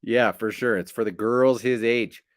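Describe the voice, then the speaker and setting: A man's voice: mid-range voice, steady tone, measured pace, no echo, clean studio sound. A man hosting his channel, chatting casually on a livestream in a rambling, teasing way. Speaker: channel host.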